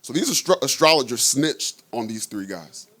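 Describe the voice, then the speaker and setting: A man's voice: medium pitch, sing-song, normal speed, pushed and bright. A man preaching a conversational sermon, reading scripture aloud and often checking in with his listeners.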